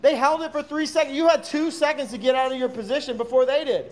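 Very high-voiced sarcastic ranting man. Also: fairly even intonation, fast. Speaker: co-host. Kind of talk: casual live audio chat.

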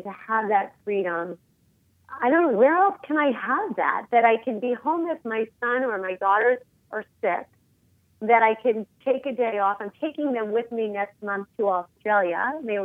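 A woman in her forties speaks as a guest in a phone interview. Her voice comes over a thin, tinny phone line with no room sound at all. She talks in an emphatic, animated way. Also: fairly high pitch, moderate pace, dry recording. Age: 40s.

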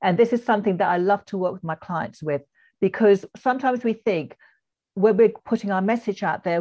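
A woman's voice: mid-range voice, brisk, darkish tone. English woman, business coach guest, earnest and encouraging, somewhat muffled lo-fi sound. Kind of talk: podcast interview.

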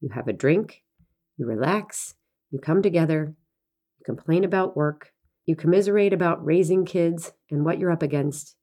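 Woman, low voice, farmer, reflective scripted narration, unhurried. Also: warm tone. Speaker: farmer and essayist. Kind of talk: scripted narration of a personal essay.

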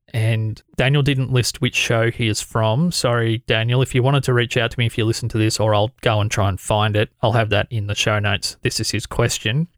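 An Australian man hosts a podcast in an easygoing, chatty way, putting listener questions to his guest. His voice sits at a middle pitch and is recorded close and dry, with no room sound. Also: no room sound. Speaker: podcast host. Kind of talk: conversational interview.

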